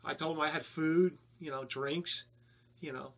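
A man from New Jersey with a North Jersey accent, a paranormal investigator telling of his investigations in a halting way with many fillers. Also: on the high side, steady tone, pushed and bright. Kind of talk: casual interview talk.

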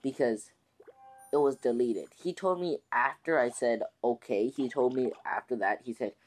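A man's voice: medium pitch, normal speed, faint music behind. A man hosting his own gaming channel, chatting casually to viewers in a rambling way with many restarts and fillers. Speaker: gaming YouTuber host. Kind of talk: casual let's-play commentary.

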